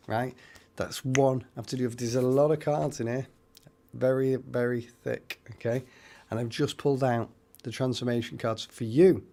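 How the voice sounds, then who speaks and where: A man's voice: mid-range voice, a little mellow. A man hosting a live stream, giving rambling psychic readings and addressing viewers by name.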